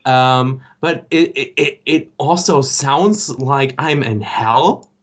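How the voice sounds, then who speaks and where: A man co-hosting a podcast in casual chat, talking in a halting, wry way with many fillers and restarts. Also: medium pitch, slight background noise. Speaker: podcast co-host.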